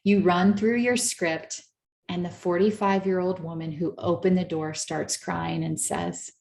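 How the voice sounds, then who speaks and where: A woman therapist giving an earnest, coaching talk to a live audience, slowing down to stress her points. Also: lowish voice, fairly even intonation, vocal fry, a little mellow, echoey room. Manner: earnest, coaching, slows down for emphasis. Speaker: therapist and speaker.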